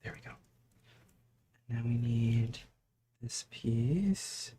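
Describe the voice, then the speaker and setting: A man chewing gum while hosting a casual livestream chat as he builds a toy kit. He talks softly, mutters to himself and giggles often. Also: medium pitch, expressive, drawn-out words. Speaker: host.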